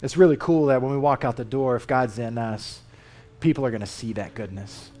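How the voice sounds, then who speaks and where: Speaking at medium pitch and a little fast, this lay preacher delivers a church sermon that's emphatic but conversational, and he reads Scripture aloud with lively inflection.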